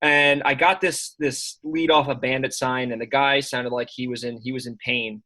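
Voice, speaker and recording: Young man in his twenties, sales coach guest, lively casual storytelling with quick asides. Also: mid-range voice, poor audio. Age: early 20s. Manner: animated anecdote with quick asides.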